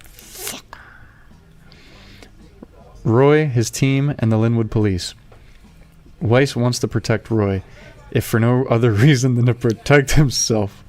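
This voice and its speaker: A man playing a tabletop game, reading his character's notes aloud in a halting way. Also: medium pitch. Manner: excited, swearing, reading haltingly. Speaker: player.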